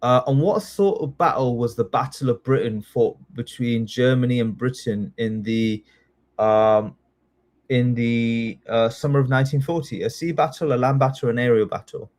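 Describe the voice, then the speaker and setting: Guy running a live online lesson, chatty, keeps saying sorry, gets excited. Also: medium pitch, normal speed. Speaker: citizenship test tutor.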